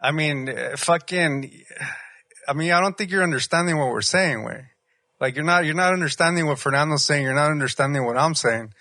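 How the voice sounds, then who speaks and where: A man's voice: fairly high pitch, fairly quick, bright, forceful tone, no room sound. A man co-hosting a podcast in casual chat, pushy and argumentative, swearing freely. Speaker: podcast co-host.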